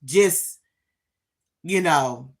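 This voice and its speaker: A woman hosting a live stream, telling a casual story straight to her viewers with emphatic, drawn-out phrases. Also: low voice, creaky.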